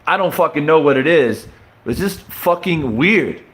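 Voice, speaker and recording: A young man with a fairly high, lively voice talks slowly through a boxing clip. He laughs often and swears freely, and he keeps calling his viewers bro as he reacts in disbelief. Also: a little hiss or hum. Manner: laughing, incredulous, profane, addresses viewers as bro. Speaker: boxing commentator. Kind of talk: casual reaction commentary.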